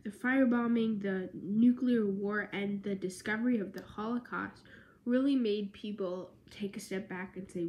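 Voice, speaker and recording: A woman's voice: mid-range voice, fairly even intonation, normal speed, darkish tone, a little hiss or hum. A tired young woman giving a casual history explainer as a student presenter, chatty and full of filler words.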